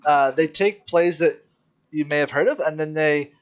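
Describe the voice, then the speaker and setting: A man's voice: on the high side, normal speed, smooth. A man hosting a podcast, introducing segments in an upbeat casual way. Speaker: podcast host. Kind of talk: casual chat.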